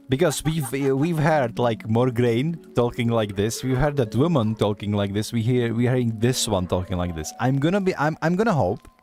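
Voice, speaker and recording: Male vtuber streamer, mid-pitched, casual mocking game commentary, quiet music underneath. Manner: mocking, laughs often, swears.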